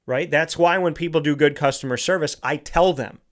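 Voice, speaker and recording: A man's voice: fairly high pitch, brisk. A male host giving a motivational monologue, lecturing and often tossing in rhetorical questions like "right?".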